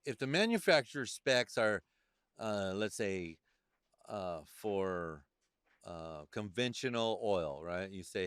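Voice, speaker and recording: A man hosting a laid-back podcast, his low voice swinging up and down as he tells rambling, profanity-laced stories. He sounds close and dry on the mic, with no room around him. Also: slow pace, clear, resonant tone, no room sound. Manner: swearing, animated storytelling. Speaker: podcast host. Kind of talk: casual chat.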